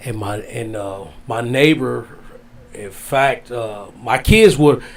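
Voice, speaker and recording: A man telling a heartfelt story as a guest, drawn out, dropping low and soft on the sad parts. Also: lively intonation, takes it slowly, a little hiss or hum. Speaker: wrestling guest. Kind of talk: storytelling in casual interview.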